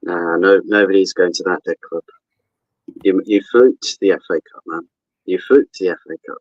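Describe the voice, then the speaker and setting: A man's voice: low voice, steady tone, moderate pace, husky, no room sound, highs cut off. A man bantering in a casual football chat, playful and mock-theatrical.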